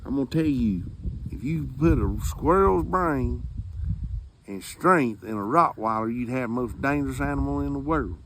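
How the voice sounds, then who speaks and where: A man's voice: mid-range voice, lively intonation, moderate pace, background noise. A man telling a comic hunting story in a drawling, folksy way. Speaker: storyteller comedian.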